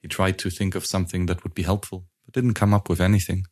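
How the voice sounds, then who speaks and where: A man narrating an audiobook in a steady, even reading manner. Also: sits low, quick pace.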